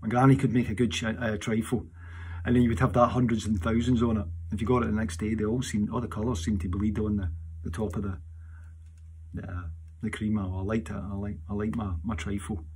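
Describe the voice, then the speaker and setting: A Scottish man, a singer answering audience questions in a rambling, casual chat, animated in his seat and restarting his sentences often. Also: on the low side, fairly quick, a little hiss or hum. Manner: animated while seated.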